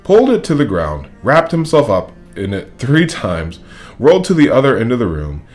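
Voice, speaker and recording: Expressive man reading a children's story. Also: mid-range voice, normal speed, faint music behind. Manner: expressive, playful. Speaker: storybook reader.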